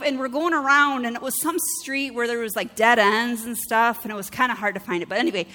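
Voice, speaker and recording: A woman pastor preaching a sermon, telling personal stories with animated delivery and acting out other people's lines. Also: fairly high pitch, fast talker, few pauses. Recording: long hall reverb.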